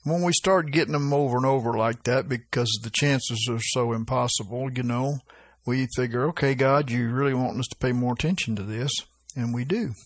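A man's voice: mid-range voice, moderate pace, no room sound. A man preaching an informal sermon, reading scripture aloud with lifted emphasis and often asking his listeners "right?".

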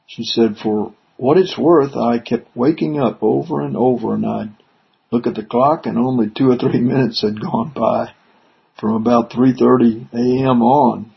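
A man's voice: mid-range voice, fairly even intonation, a little slow, gravelly, husky. A man preaching, reading Bible verses aloud and then explaining them in a conversational way. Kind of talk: scripture reading and commentary. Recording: dull lo-fi recording.

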